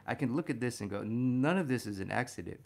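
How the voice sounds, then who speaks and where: A man teaching a figure drawing lesson as he sketches, talking warmly to viewers as "my friends" and getting excited about the details he spots. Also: medium pitch, fast talker, vocal fry. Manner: enthusiastic, talks to "my friends" while drawing. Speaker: art instructor.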